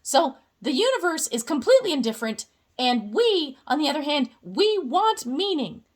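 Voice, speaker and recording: A woman's voice: sits high, big pitch swings, moderate pace. A young woman giving a casual, playful explainer with jokey asides.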